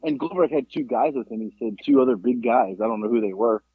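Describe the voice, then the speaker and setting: A man's voice: mid-range voice, fast talker, breathy edge, dry recording. A man co-hosting a podcast, telling a story in casual chat and acting out the people he quotes, with some swearing. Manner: animated, acts out quoted voices, swears. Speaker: podcast co-host. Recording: tinny phone-like sound.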